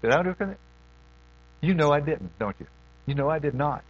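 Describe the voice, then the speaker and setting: Man, middle-aged, sermon, folksy, lively pitch, mains hum behind. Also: brisk, dull audio. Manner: folksy, swings between loud questions and hushed asides. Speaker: preacher.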